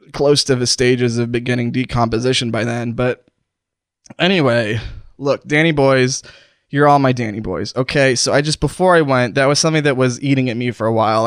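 Smooth-voiced man in a comic mock-dying monologue. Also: medium pitch, no echo, studio quality. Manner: mock-dying, pained and strained, breaking off mid-sentence. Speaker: podcast host. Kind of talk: comedic improvised monologue. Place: recording studio. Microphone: studio microphone.

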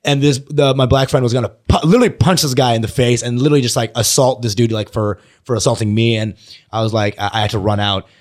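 A man who works as a stand-up comedian, telling stories in casual podcast chat, animated and laughing often, with plenty of swearing. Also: medium pitch, quick pace.

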